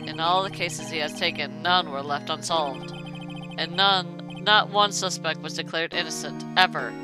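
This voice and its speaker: A woman reading game lines as a cold, proud young male prosecutor, speaking in a lowered, measured and formal way. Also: steady tone, lightly acted, rough recording. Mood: cool, formal. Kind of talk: reading game dialogue aloud on stream. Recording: music playing behind.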